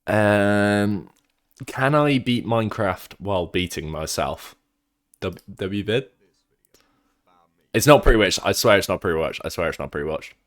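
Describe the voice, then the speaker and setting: A man's voice: on the low side, expressive, a little slow, pauses often. A young man livestreaming from home, chatting casually with viewers, rambling, swearing freely and teasing his chat.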